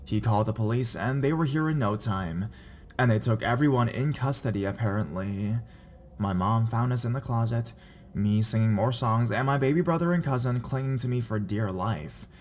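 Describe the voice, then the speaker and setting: A man reading reader-submitted scary stories aloud in a measured, even narration. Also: medium pitch, a little hiss or hum. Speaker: horror story narrator.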